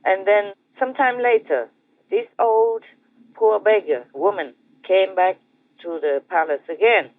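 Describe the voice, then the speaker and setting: A man with an Indonesian accent, a spiritual master telling a teaching story in a gentle, repetitive way with soft chuckles. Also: high-pitched, a little slow, no room sound. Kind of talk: storytelling dharma talk. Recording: tinny phone-like dry sound.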